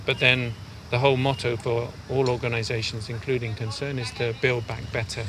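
Outdoors on a steep mountain path, a male aid worker gives a field interview, explaining things step by step. His mid-range voice is level and brisk, with background noise behind it.

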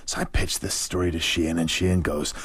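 A middle-aged novelist from Ireland, telling an animated story in an interview and acting out the voices of others. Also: male voice, sits low, normal speed, slightly rough. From Northern Ireland. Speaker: novelist guest.

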